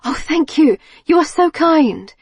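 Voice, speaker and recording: A woman's voice: high-pitched, expressive, measured pace, a little mellow, no room sound, studio quality, pitched above the performer's own voice. A woman voicing a flustered, apologetic suburban mum who gushes and pleads. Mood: gushing. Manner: gushing, apologetic, breathless.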